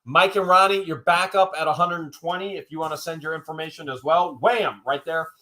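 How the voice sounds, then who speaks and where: A man's voice: fairly high pitch, steady tone, fairly quick. A man hosting a live online auction, calling out bids and joking casually with viewers. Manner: joking, loud announcer-like calls. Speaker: livestream auction host.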